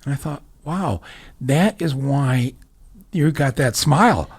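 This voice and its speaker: This is a man in his sixties hosting a relaxed podcast conversation. He tells stories in a loose, rambling way, circling back with restarts and fillers and dropping jokey asides as he goes. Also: mid-range voice, takes it slowly, slightly rough. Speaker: podcast host. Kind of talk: casual conversation.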